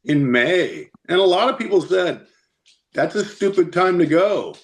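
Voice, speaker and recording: Podcast guest, male, slightly higher pitch, animated storyteller. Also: a little slow. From United States. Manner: animated, chatty, laughs often. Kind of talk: casual storytelling.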